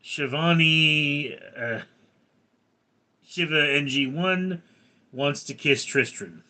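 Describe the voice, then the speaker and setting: A man hosting a live stream reads viewer names from the chat and teases them casually. His voice is fairly high, bright, and forceful, and he speaks slowly.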